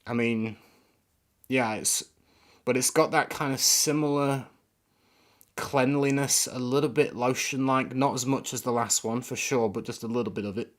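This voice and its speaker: A man's voice: mid-range voice, fairly even intonation, normal speed. Man, fragrance reviewer, live stream, casual, rambling, searching for words.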